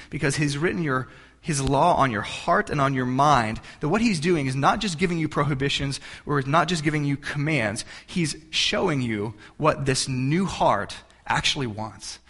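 A man in his thirties preaching a sermon in a relaxed, conversational way, joking and often restarting his sentences. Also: a little high. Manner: conversational, humorous, many restarts. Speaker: pastor.

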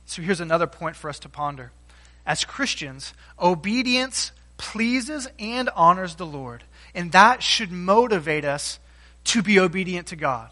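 A male pastor delivers a sermon in a high, bright voice. He preaches earnestly and emphatically and poses rhetorical questions to his congregation. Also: lively intonation, unhurried.

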